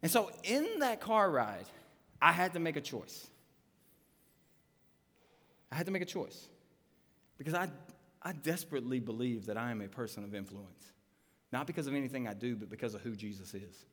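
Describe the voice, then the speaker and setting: Animated male pastor telling a story. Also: medium pitch, moderate pace, pauses often. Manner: animated, acts out quoted lines. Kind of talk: storytelling sermon. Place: church auditorium. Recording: long reverb of a live church hall.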